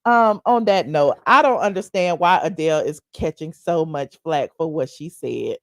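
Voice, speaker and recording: A woman hosting a casual livestream, chatting to viewers in a sassy, animated, digressive way. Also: low-pitched, normal speed, no room sound, studio quality. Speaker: livestream commentary host. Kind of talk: casual commentary reading viewer chat.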